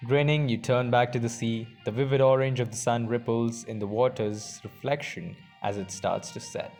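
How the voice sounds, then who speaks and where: A man's voice: medium pitch, fairly even intonation, moderate pace, darkish tone, soft background music. A man reading an interactive story game aloud as narrator, breaking off for chatty asides and laughs.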